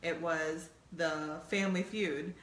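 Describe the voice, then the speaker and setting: A woman's voice: deep voice, fairly even intonation, takes it slowly, a bit bright, roomy sound. A middle-aged woman co-hosting a playful couples quiz game, teasing and laughing often. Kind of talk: casual chat.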